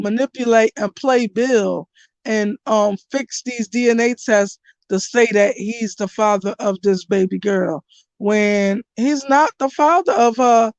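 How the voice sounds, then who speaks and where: A young woman talks through a soap opera plot in loose, blunt chat, throwing in slang and curses. Her voice sits a little high, and she trails off and restarts when a name escapes her. The sound is dry, with no room around it. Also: no room sound. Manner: rambling, blunt, casual slang with swearing; loses track of names, restarts. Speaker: channel host recapping a soap opera. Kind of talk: casual chat.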